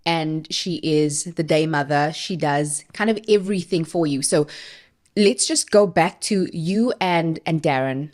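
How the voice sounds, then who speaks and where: A woman hosting a podcast interview, asking follow-up questions in a relaxed conversational way and laughing often. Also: low voice, measured pace. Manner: warm follow-up questions with frequent light laughter. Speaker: podcast host.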